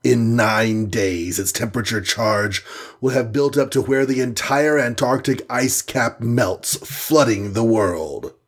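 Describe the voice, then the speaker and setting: A man's voice: mid-range voice, slow, husky. A man voicing a scheming male supervillain who gloats and mocks, dropping French phrases. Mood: gloating. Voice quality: mocking, gloating.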